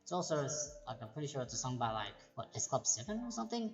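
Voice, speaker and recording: A woman's voice: very deep voice, very animated, fast, hardly any pauses. Chatty woman hosting a quiz. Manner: chatty, rambling asides, repeats each question. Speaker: trivia quiz host. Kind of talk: casual livestream chat reading quiz questions. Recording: lo-fi stream audio with background music.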